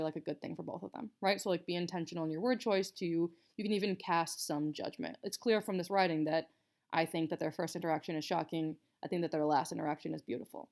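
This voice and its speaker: A woman's voice: fairly low pitch, a little mellow. A young woman teacher explaining a writing assignment to students in a casual, chatty way, with many fillers. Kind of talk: casual recorded writing lesson.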